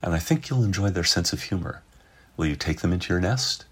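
A man voicing a stern old insect elder, deep husky voice, imperious, clipped, storybook. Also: lively intonation, a little fast, fairly bright tone, full character voice. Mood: coaxing.

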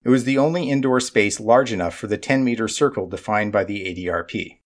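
A man narrating an audiobook in a measured, dry way. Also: fairly low pitch.

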